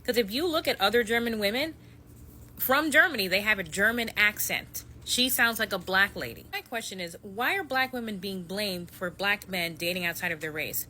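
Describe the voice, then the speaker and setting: A woman's voice: medium pitch, lively intonation, moderate pace, bright, forceful tone, a little hiss or hum. A woman giving indignant, pointed social media commentary.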